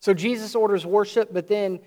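A high-pitched man delivers an earnest sermon. He reads passages of scripture and then explains them, drawing out key words and lifting his voice to drive them home. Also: fairly even intonation, mellow. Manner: earnest preaching, slows and swells for emphasis. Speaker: preacher.

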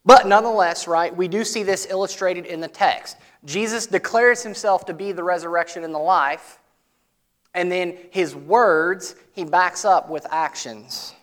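Preacher with a twang, swinging loud to hushed. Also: male voice, a little slow. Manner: conversational preaching, swings from loud emphatic to soft and low. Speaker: pastor. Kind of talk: sermon.

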